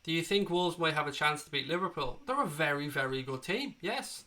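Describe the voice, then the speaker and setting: A man's voice: fairly high pitch, expressive, a little fast, bright, forceful tone. A man with an Irish accent and a cold, hosting a casual live stream and answering viewers in the chat, calling them mate and swearing freely. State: has a cold. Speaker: livestream host reading chat.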